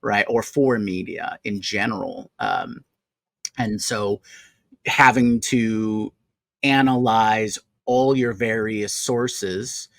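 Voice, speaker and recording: A man's voice: lowish voice, takes it slowly, creaky, fairly bright tone, no echo, rough recording. A man co-hosting a casual chat show, thinking aloud with many fillers and restarts. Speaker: co-host.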